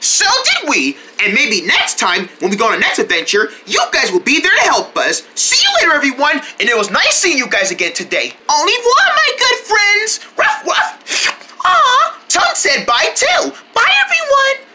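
A woman hosting a playful children's show, talking excitedly to her young viewers in a sing-song way. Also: high voice, normal speed, hardly any pauses, noisy background.

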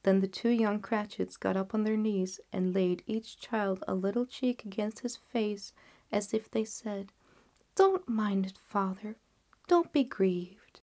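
A woman narrating a classic story, softly and often near a whisper. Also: mid-range voice. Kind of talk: audiobook narration.

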